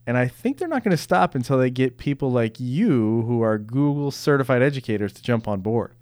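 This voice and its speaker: A man's voice: medium pitch, lively intonation, brisk, few pauses, darkish tone, clean tone, no echo, studio quality. A man hosting a podcast, a little congested from a cough, chatting casually and eagerly about tech news. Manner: enthusiastic, geeky. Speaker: podcast host.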